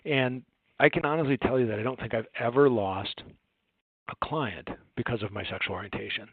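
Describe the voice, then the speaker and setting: A man's voice: mid-range voice, fairly quick, breathy edge, dry recording. A man in his forties presenting a training session, earnest and conversational, telling stories with lots of fillers and asides. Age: 40s. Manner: earnest, storytelling, frequent fillers and rhetorical "right?". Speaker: home care agency owner presenting a training session. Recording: tinny phone-like dry audio.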